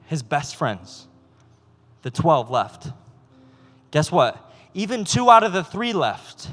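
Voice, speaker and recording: A man preaching a sermon as a youth pastor, animated and acting out voices of God and people. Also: fairly high pitch, slow, in a large hall, soft background music.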